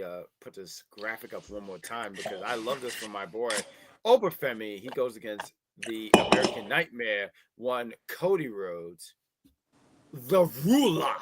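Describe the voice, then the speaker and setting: A man hosting a casual wrestling review podcast, talking in an animated, rambling way with frequent restarts. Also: on the low side, slight background noise. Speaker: podcast host.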